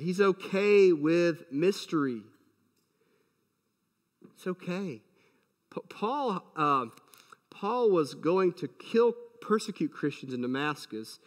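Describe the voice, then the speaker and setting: A man's voice: fairly high pitch, big-room sound. A man preaching a sermon as a pastor, emphatic and full of rhetorical questions.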